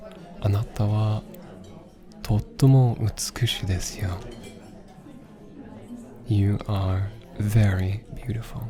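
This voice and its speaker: A young man in a whispered role-play as a teasing, affectionate boyfriend teaching Japanese, talking softly with frequent laughs. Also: lowish voice, fairly even intonation, measured pace, pauses often, lightly acted. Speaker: ASMR roleplay creator. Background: background music.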